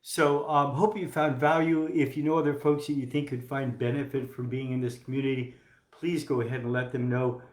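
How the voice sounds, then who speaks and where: A man's voice: mid-range voice, little pitch movement, a little fast. A man coaching doctors in a casual, joking live talk, acting out examples. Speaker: health coach teaching doctors. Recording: roomy echo.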